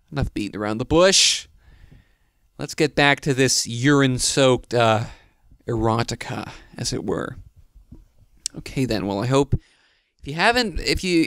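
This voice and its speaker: A man's voice: mid-range voice, fairly bright tone, smooth, dry recording, studio quality. A man in his twenties, tired and with his mouth still healing from a pulled tooth, making sarcastic, mock-serious comments. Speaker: YouTuber reading stories aloud. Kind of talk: comedic reading with commentary.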